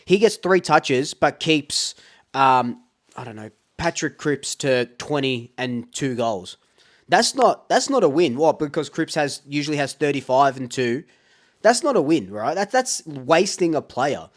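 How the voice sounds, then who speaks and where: A man's voice: medium pitch, lively intonation, measured pace. Fired-up Australian man hosting fan talkback. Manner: fired-up, ranting, repeats himself. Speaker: fan talkback radio host.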